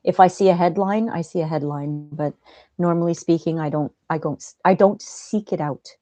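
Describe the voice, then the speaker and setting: Soft-spoken woman hosting a gentle livestream. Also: on the low side, normal speed, no echo. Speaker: livestream host. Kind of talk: casual chat reading viewer comments.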